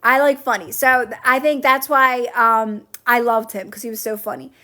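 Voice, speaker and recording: On a casual livestream, a woman answers comments and coaches her viewers, repeating phrases for reassurance. Her voice sits a little high and stays steady, bright, and forceful at a normal speed.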